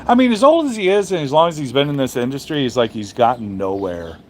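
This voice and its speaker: A man's voice: mid-range voice, lively intonation, fast talker, a little mellow, a little hiss or hum. A man who drives trucks, chatting casually on a live stream and answering viewers, blunt and profane, rambling with many restarts.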